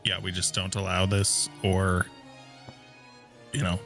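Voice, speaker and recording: A man giving quiet, low-key replies in a casual chat. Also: completely flat delivery, takes it slowly, faint music behind.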